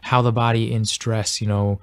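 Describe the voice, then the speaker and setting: A man's voice: fairly low pitch, little pitch movement, moderate pace, clear, resonant tone, dry recording. A man, an actor, talking earnestly in a casual interview, rambling with lots of "like" and "you know". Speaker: actor promoting a film.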